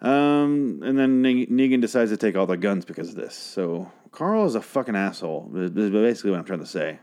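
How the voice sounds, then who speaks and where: A man's voice: fairly low pitch, brisk. Crude, rambling man recapping a show. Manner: rambling, crude, animated asides. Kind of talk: casual profane recap.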